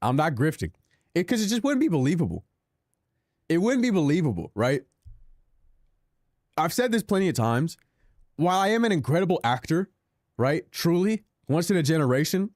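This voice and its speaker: A man's voice: a little high, big pitch swings, normal speed, long pauses, darkish tone, dry recording, clean studio sound. A young man streaming a racing game, chatting with his viewers in a sarcastic, self-deprecating, rambling way. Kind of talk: casual live-stream chat while gaming.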